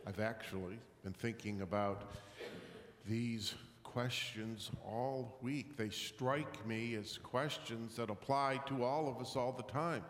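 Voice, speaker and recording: A man's voice: medium pitch, slow pace, a little hiss or hum. A man preaching a sermon, reflective and questioning, with a touch of humor. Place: large echoey church. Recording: roomy hall reverb, somewhat distant.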